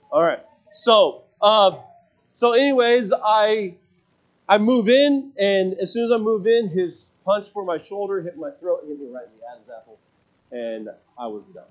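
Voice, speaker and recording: Man, forties, pastor, high voice, sermon, self-mocking storytelling turning earnest. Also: moderate pace.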